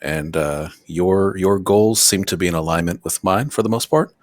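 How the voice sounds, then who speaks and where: A man plays an emotionless, inhuman-sounding character at a tabletop game, and the voice sits very low. The delivery is flat and empty, with no warmth in it. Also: moderate pace, no room sound, natural voice. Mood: detached. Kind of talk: tabletop role-play, in character.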